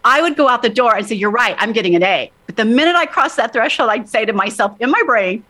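A woman's voice: on the high side, expressive, quick pace, pushed and bright. A woman co-hosting a talk show, speaking in an upbeat, motivational way in casual chat.

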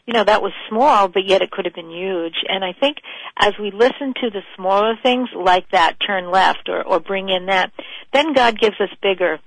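A woman's voice: medium pitch, dry recording, rough recording. A middle-aged woman, a guest author, earnestly telling a personal faith story in conversation.

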